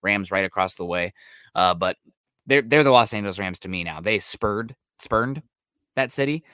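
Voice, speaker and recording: A man co-hosting a sports podcast, talking football in a quick, analytical way with frequent fillers. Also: on the low side, animated, bright, forceful tone, clean tone, no room sound, studio quality. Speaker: podcast co-host. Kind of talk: casual sports talk. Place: Seattle area.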